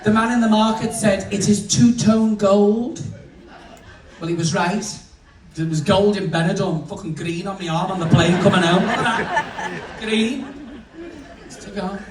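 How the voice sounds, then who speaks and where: Sweary male comedian, high voice. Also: normal speed. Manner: bawdy, sweary, chatty storytelling to the crowd. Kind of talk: stand-up comedy. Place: cruise ship venue. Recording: echoey room, distant mic, noisy.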